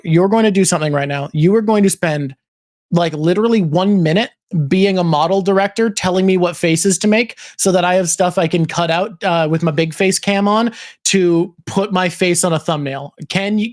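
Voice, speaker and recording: A young adult streamer with a British Columbian Canadian accent, chatting excitedly and swearing casually on a livestream. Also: medium pitch. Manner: excitable, swearing, quick restarts. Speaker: streamer host.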